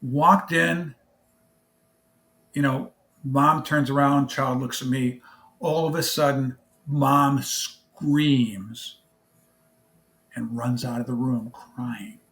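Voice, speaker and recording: An animated man telling a story. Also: mid-range voice, slow pace, pauses often. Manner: animated, emotional storyteller, acts out both sides of a phone call. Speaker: charity founder, guest. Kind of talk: interview storytelling.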